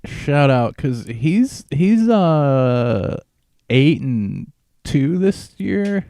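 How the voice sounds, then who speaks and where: A man's voice: a little high, very animated, extremely slow, dark tone, no echo. A man co-hosting a casual comedy podcast, rambling with many fillers and restarts and laughing often at his own jokes. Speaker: podcast co-host. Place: home recording with a video stream and live chat.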